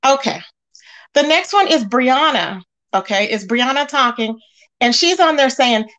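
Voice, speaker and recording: A woman's voice: fairly high pitch, normal speed. Chatty woman reading out gossip receipts. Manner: animated, talks straight to viewers with many fillers. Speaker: commentary channel host. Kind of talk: casual gossip commentary.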